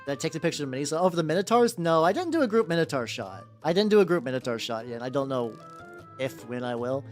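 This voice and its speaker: A streamer talks loosely to a live chat while painting, rambling and restarting, full of "like". The pitch is mid-range but leaps around a lot. Faint background music plays beneath the voice. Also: animated, fast. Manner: rambling, heavy use of 'like', frequent restarts. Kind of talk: casual livestream chat with viewers.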